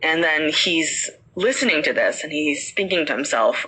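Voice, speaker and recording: A woman's voice: low voice, animated, moderate pace, hardly any pauses, sharp tone, slight background noise, poor audio. A woman podcast host casually telling a ghost story, chatty with many fillers.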